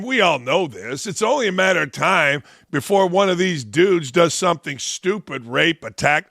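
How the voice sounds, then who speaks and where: A man's voice: high-pitched, lively intonation, moderate pace, vocal fry, a bit bright, no echo, clean studio sound. A middle-aged man hosting a sports talk show, ranting bluntly and mocking his targets. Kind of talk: opinion rant.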